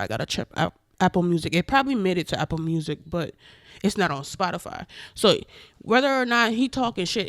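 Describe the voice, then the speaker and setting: A woman's voice: fairly low pitch, no echo. Woman vlogger ranting, swears a lot, emphatic, dry close sound. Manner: animated, profane, emphatic ranting. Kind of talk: casual opinion commentary.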